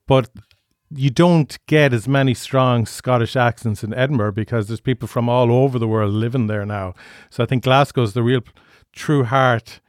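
A man's voice: medium pitch, fairly even intonation, normal speed, no room sound, clean studio sound. A man hosting a podcast and interviewing a guest in a friendly way, laughing along with him. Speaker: podcast host.

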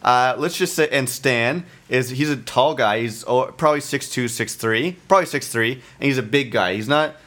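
Man, casual podcast storyteller, animated, swears a lot, average pitch. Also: normal speed, few pauses. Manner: animated storyteller, swears freely, acts out quotes.

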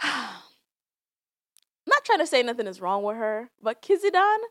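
A woman's voice: a little high, dry recording, studio quality. Chatty, laughing podcast host woman. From Jamaica. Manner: chatty, laughing often, with frequent fillers. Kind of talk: casual chat about celebrity gossip.

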